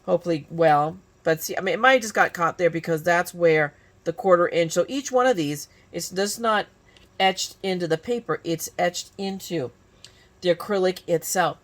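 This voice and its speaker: A crafting YouTuber in her fifties from California talks through a casual tutorial, restarting often and poking fun at herself. Her voice is lowish and her speed is normal.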